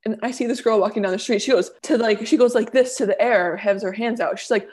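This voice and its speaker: A young woman co-hosting a casual chat, telling a story with lively acted-out quotes. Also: mid-range voice, fast, hardly any pauses. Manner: animated, acts out quoted voices. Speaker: podcast co-host.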